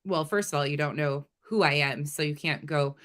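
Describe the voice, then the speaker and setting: A woman's voice: deep voice, normal speed, a bit bright. A woman hosting a commentary channel, talking bluntly and confrontationally with lots of profanity. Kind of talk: casual reaction commentary.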